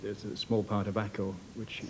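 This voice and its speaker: A man's voice: lowish voice, little pitch movement, moderate pace, a crowd in the background. A man panel guest explaining a made-up definition in an earnest, straight-faced way. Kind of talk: bluffing a definition.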